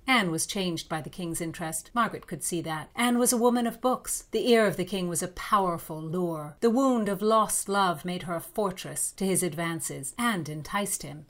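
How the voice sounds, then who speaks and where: Woman reading out a story, steady storytelling voice. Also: fairly low pitch, moderate pace, hardly any pauses. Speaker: narrator. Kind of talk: scripted narration.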